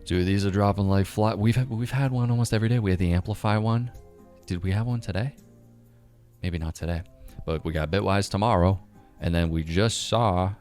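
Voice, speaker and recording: Profane, rambling man, low voice. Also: darkish tone. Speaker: crypto commentator. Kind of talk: casual monologue.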